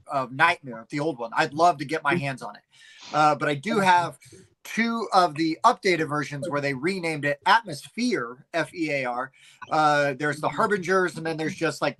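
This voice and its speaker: A middle-aged man co-hosting a casual chat, telling rambling, animated stories with plenty of fillers. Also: fairly high pitch, rough recording. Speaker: podcast co-host.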